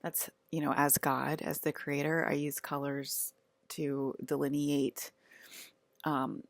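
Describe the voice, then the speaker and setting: A woman talks straight to the camera in a loose, wandering monologue, stopping and restarting with plenty of "um" and "like". Her voice sits very low and has a strong vocal fry. The sound is close and dry, with no room echo. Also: flat delivery. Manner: rambling and halting, many fillers. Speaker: vlogger.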